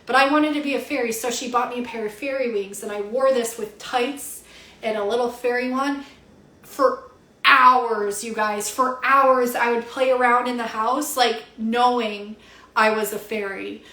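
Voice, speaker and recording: Young woman reader, lively casual livestream chatter, slightly high voice, roomy echo. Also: moderate pace. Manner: chatty and animated, swears casually, many "like" fillers. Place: at home.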